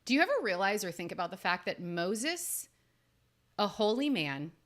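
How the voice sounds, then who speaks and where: A woman podcast host and life coach giving an earnest, faith-based motivational talk, with emphatic rises in pitch. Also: very animated, moderate pace.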